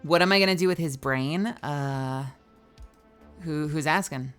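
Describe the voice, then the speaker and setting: With faint music in the background, a sleepy young streamer yawns her way through a casual chat, reading out viewer messages and occasionally cursing. She speaks a little slowly in a deep, smooth voice.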